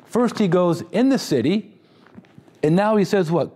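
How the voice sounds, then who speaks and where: A man's voice: high voice, animated, unhurried, mellow. A man preaching a sermon in a conversational, humorous style, with asides to the congregation. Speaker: pastor.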